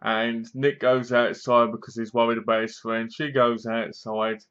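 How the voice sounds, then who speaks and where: A man at an ordinary mid pitch talks casually through a film's plot, slipping in dry, mocking jabs. He acts out snatches of scenes in comic voices as he goes. The recording sounds slightly dull and lo-fi. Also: little pitch movement, measured pace, a bit bright, smooth. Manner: rambling, acts out bits of scenes in funny voices. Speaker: film reviewer. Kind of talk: casual spoken movie review.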